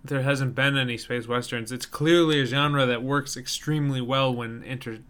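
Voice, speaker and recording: A man's voice: mid-range voice, steady tone, moderate pace, fairly bright tone, smooth. A young man co-hosting a podcast, chatting casually with dry, self-deprecating humor. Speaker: podcast co-host. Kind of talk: casual chat.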